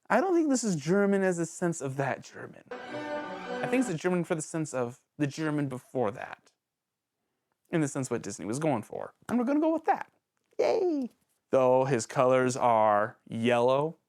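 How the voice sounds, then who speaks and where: A man hosting a casual video review show, talking in an animated, jokey way that rambles and interrupts itself, with sudden jumps in pitch. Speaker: host of a villain-ranking show.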